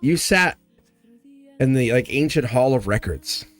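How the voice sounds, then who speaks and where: During a live tarot reading full of casual spiritual talk, a man rambles earnestly, laughs often, and acts out quoted lines. His mid-range voice is expressive and measured, with soft music in the background.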